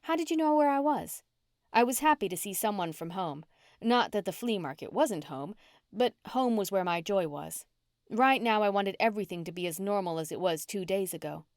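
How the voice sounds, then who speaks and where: A woman narrating a cozy mystery audiobook in the first person, in a steady storytelling manner. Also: mid-range voice, moderate pace, no room sound, clean studio sound.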